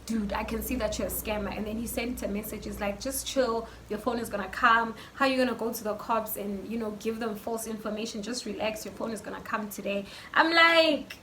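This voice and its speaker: A South African woman telling a story in a casual vlog, chatty and animated with lots of fillers, filmed on her phone. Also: medium pitch, a little fast, hardly any pauses. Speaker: YouTuber. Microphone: phone camera. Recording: faint background noise from phone mic.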